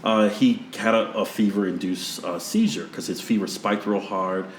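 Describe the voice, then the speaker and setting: A man hosting a podcast, chatting casually and telling animated stories that act out what people said. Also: fairly low pitch, normal speed, a little hiss or hum. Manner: animated storyteller acting out quotes. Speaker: podcast host. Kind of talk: casual conversation. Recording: roomy echoey sound.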